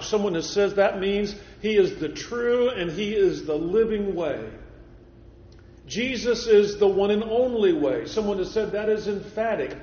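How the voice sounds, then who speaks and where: A man's voice: sits high, animated, warm tone. Man preaching in an echoey hall. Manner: measured preaching, repeats phrases for emphasis. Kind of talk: sermon. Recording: echoey hall, dull lo-fi sound.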